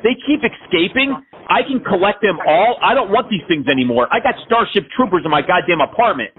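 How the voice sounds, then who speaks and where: A man with a high voice makes a prank call and rambles through one exaggerated complaint after another. The sound is thin and narrow, the way a phone line sounds. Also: lively intonation, brisk. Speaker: scambaiter prank caller.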